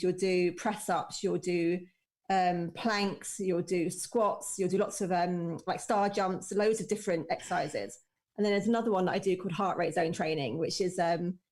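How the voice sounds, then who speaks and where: A woman's voice: on the low side, darkish tone. A woman chatting casually from home, explaining things keenly and with enthusiasm. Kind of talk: casual chat. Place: home, remote call.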